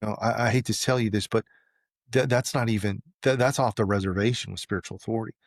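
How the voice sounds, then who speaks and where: A man with a lowish voice, speaking fast, is being interviewed in a clean, dry studio recording. He tells a story casually and with animation, acting out the lines of the people he quotes.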